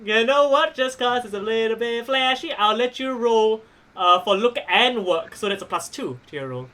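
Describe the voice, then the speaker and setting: A man with a Singaporean accent running a tabletop wrestling game as game master, explaining rules briskly with lots of fillers. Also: very high-pitched, lively intonation, sharp tone.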